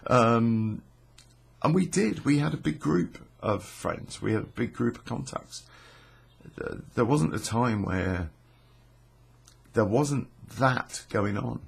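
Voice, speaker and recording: A man's voice: mid-range voice, expressive, takes it slowly, gravelly, slightly rough. A middle-aged man, telling a rambling true story casually, swearing freely and stopping often on fillers and restarts.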